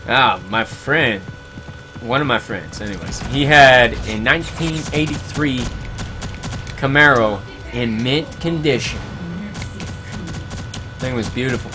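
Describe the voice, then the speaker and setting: A man hosts a gaming livestream, chatting casually and telling stories between reading chat comments, laid-back and chuckling, slipping into voices for quoted friends. His medium-pitched voice is slow with frequent pauses, and music plays in the background.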